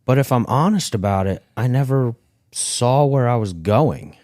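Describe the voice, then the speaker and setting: A man co-hosting a podcast, telling a story in a reflective, measured way. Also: mid-range voice, expressive, darkish tone, dry recording, studio quality. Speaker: podcast co-host. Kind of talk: casual podcast chat.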